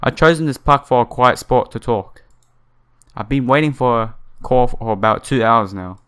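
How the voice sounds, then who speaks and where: A man's voice: medium pitch, moderate pace, fairly bright tone, smooth, close to an everyday voice. A man reading as an earnest young idol trainee. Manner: plain read-aloud delivery in his own voice.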